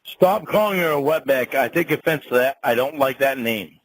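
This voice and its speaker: A man's voice: mid-range voice, expressive, normal speed, dry recording, low-quality recording. A man arguing over the phone. He curses a lot and repeats himself bluntly. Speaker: show host. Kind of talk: heated phone argument.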